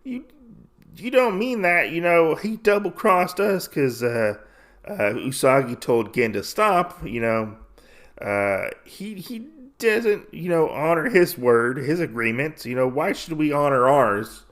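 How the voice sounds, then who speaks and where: A man's voice: medium pitch, animated, unhurried, fairly bright tone. A podcast host recapping a comic story in a casual, rambling way, full of fillers, loosely voicing the characters as he goes. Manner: rambling, filler-heavy retelling.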